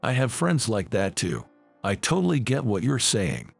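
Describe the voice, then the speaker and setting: A man voicing a calm, protective young lifeguard who speaks firmly. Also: lowish voice, normal speed, creaky, soft background music, full character voice. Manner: firm, steady.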